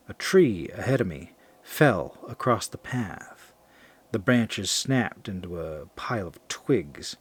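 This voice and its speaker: A man narrating a first-person horror story in a measured, confessional way. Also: fairly low pitch, husky.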